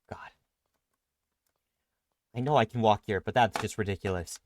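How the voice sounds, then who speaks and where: A man's voice: fairly low pitch, a little slow, a little hiss or hum. A man streaming a game, rambling casually to his chat and friends. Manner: rambling, chatty.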